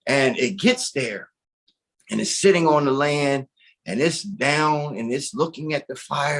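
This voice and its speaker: A man from North Carolina telling a creation story aloud, in an animated, conversational manner and often checking in with "right?". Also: fairly high pitch. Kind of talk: oral storytelling of a creation tale.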